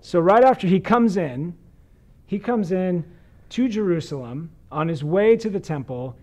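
A man with a somewhat high voice delivers a conversational sermon as a pastor. He reads scripture, then talks it through earnestly and with animation. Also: expressive, measured pace, mellow.

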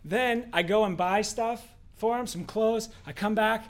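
A man co-hosting a casual faith discussion, telling a story in an animated way with rhetorical questions. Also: high voice, a little slow. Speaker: co-host.

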